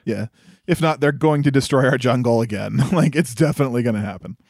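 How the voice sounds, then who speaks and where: A man's voice: mid-range voice, quick pace, a little mellow, no room sound, clean studio sound. A man co-hosting a podcast, casually recapping a movie, laughing often, swearing and acting out the characters' lines. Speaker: podcast co-host.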